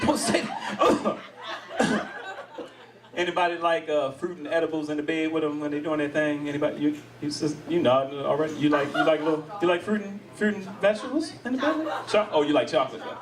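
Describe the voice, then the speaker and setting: A man's voice: on the high side, fast, far from the mic. A middle-aged man doing stand-up comedy with crowd work on stage, laughing often and acting out voices. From United States. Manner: animated, laughs often, acts out voices of others. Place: live comedy venue with audience.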